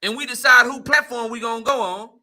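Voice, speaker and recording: Talking a little fast in an extremely high, bright, pushed voice, the young host of a casual livestream debate grows heated, uses slang, repeats himself and laughs a lot.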